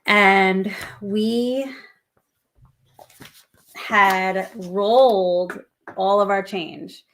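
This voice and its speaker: A woman's voice: mid-range voice, steady tone, extremely slow, fairly bright tone, slight background noise. A woman co-hosting a casual live stream, chatting and reading out lists of viewer guesses. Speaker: livestream co-host.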